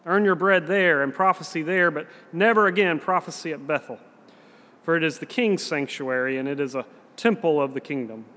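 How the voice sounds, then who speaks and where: A man's voice: a little high, normal speed, pushed and bright, voice pushed down. A man with a Southern US accent reading the words of a stern male temple priest, in a solemn scripture-reading manner. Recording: long reverb in a large hall.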